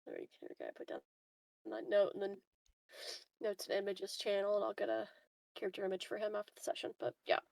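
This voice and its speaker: A young woman runs a tabletop game over a voice call, her voice full of gravelly fry. She rambles, leaning on fillers. The sound is close and dry. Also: medium pitch, fairly even intonation, brisk, pauses often, a little mellow, no echo. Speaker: game master.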